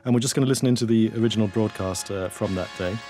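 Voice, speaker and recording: Low-voiced male interviewer, brisk. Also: music in the background. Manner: brisk, guiding questions and scene-setting. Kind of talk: radio-style interview.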